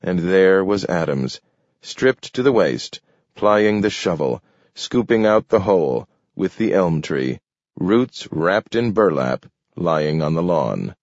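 Slow, expressive male storyteller. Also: deep voice, no room sound, highs cut off. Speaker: narrator. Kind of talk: audiobook narration.

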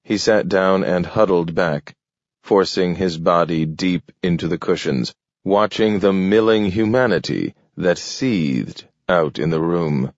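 A man narrating a story in a measured, steady way. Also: sits low, no room sound. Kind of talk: scripted audiobook narration. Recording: dull, dry lo-fi recording.

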